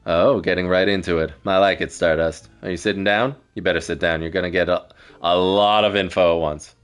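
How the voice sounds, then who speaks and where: A man's voice: low voice, steady tone, a little fast, fairly bright tone, smooth. A man voicing a teasing, all-knowing star being with a playful, smug way of talking.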